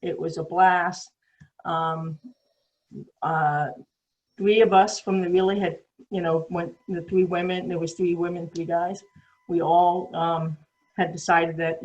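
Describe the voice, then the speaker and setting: A woman in her sixties with a New England accent, a guest telling stories casually, rambling and halting with many fillers and restarts. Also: sits low, gravelly, dull audio. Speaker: interview guest, marathon swimmer. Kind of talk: casual storytelling.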